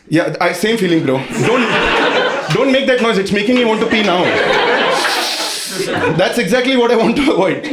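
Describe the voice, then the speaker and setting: A man with an Indian English accent performs a stand-up set, telling animated stories full of crude slang. His voice sits high for a man. The live room is echoey, with loud noise behind him. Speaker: stand-up comedian. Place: comedy club stage with audience laughing.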